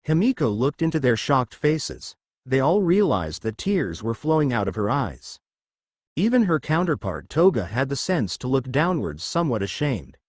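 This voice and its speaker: A man narrating a fan fiction story in a steady storybook manner. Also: mid-range voice, normal speed, dry recording, clean studio sound.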